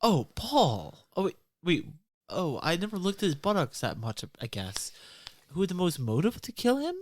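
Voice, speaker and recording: Insecure young female contestant, whiny and needy, lively pitch, played by the game master. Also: normal speed, no echo, studio quality. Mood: anxious, eager.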